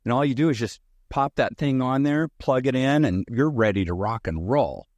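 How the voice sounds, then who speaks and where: A man voicing his brother as an upbeat, folksy salesman pitching a boat. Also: moderate pace, darkish tone, no room sound, highs cut off, lightly acted. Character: eager persuasive brother selling a boat, man.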